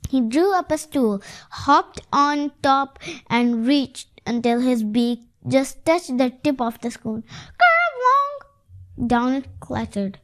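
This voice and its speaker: A woman reading a picture book aloud to children, stopping to explain it with halting asides and fillers. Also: high-pitched. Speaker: storyteller.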